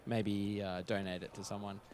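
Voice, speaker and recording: A man's voice: on the low side, little pitch movement, moderate pace, darkish tone. A man giving joking, self-mocking color commentary on a competitive shooter match. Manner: wry, self-mocking, chatty.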